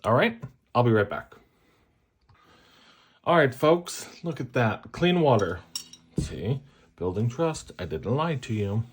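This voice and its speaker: This adult man, a parent who reviews fountain pen inks, talks casually with viewers as he swatches, full of jokes, self-teasing and chatty asides. His medium-pitched voice swings widely, taking its time and pausing often, with slight background noise.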